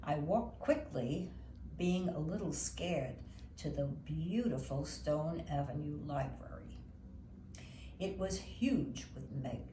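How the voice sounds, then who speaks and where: An older woman from Brooklyn reads her own memoir, unhurried and gentle as she looks back. Her voice sits low for a woman, and the words come slowly. The room rings a little, with a faint hiss underneath. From Brooklyn, New York. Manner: slow, gentle, reminiscing. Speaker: memoir narrator. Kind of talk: reading a personal memoir aloud. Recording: roomy echo, faint background noise.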